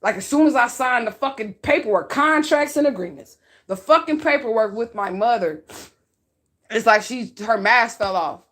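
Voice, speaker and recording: A woman's voice: a little high, expressive, moderate pace, a bit bright. A woman telling her followers an emotional personal story, raw and outspoken, cursing freely, crying as she talks. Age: adult. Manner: raw, outspoken, profane, tearful at times. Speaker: spiritual reader talking to her followers.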